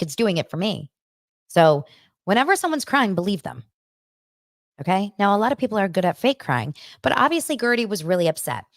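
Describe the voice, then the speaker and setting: A woman hosting a casual pop culture podcast, chatty and animated, with a dry close-mic sound. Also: dry recording. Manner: chatty, animated, mocks others in shrill voices. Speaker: podcast host.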